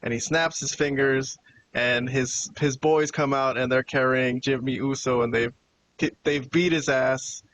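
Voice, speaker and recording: A man's voice: medium pitch, unhurried, a little hiss or hum, low-quality recording. A man hosting a podcast, casually recapping a wrestling show and acting out the quoted lines as he tells it. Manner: animated retelling with quoted dialogue. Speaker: podcast host.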